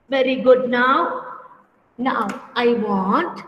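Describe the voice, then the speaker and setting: A woman teacher leading an online class for young children, speaking slowly and patiently, repeating words and calling pupils by name over a computer mic. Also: sits high, sharp tone, lo-fi sound. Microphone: computer mic on a video call. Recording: echoey room with long reverb.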